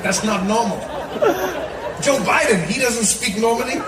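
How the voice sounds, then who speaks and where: A man doing a stand-up comedy set, animated and slipping into mocking voice impressions. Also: extremely high pitch, normal speed, very noisy. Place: comedy stage before a live audience. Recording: roomy live recording with crowd laughter, from a distance.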